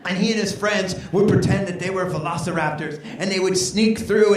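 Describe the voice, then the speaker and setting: A middle-aged man speaking to teenagers in a hall and telling personal stories in an animated, comic way. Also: high voice, moderate pace, a little hiss or hum. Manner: lively, animated storytelling with comic asides. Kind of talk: storytelling talk to teenagers. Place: large hall with a teen audience. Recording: echoey large hall, mic far off.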